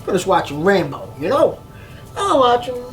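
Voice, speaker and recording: A man telling a story in an excitable way, acting out voices and reactions. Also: high voice, moderate pace, faint music behind. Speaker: vlogger telling a travel story. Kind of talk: animated storytelling monologue.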